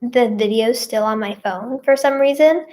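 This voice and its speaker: A woman's voice: fairly high pitch, moderate pace, darkish tone. A teenage girl chatting casually to her viewers, rambling and full of "like" and "yeah" fillers. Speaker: vlogger and singer. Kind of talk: casual storytime chat to camera.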